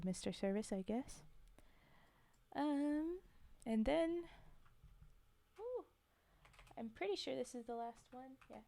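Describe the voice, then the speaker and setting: Young woman, streamer, poetry reading, soft chatty manner, higher voice, smooth, close dry mic. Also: no room sound. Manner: soft-spoken, chatty, thanks viewers between verses. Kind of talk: livestream poetry reading and chat.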